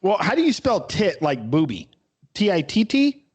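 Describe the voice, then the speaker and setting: A man co-hosts a casual podcast, his voice sitting a little high and swinging widely in pitch as he jokes. He laughs often and reads aloud a bit haltingly. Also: huge pitch swings, breathy edge. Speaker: podcast co-host. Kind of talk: casual chat.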